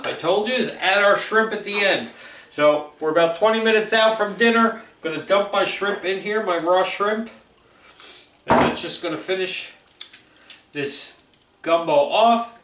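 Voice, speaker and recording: A man's voice: sits high, a bit bright, slight background noise. A man hosting a home cooking vlog, chatting in an easygoing way and tasting his food as he talks. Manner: chatty and easygoing, keeps saying alrighty. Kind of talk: casual cooking vlog chat. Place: home kitchen. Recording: echoey kitchen room.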